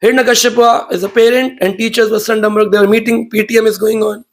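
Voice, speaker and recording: A man giving a devotional story sermon, telling the tale in an animated, playful way. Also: high voice, quick pace. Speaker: preacher and storyteller.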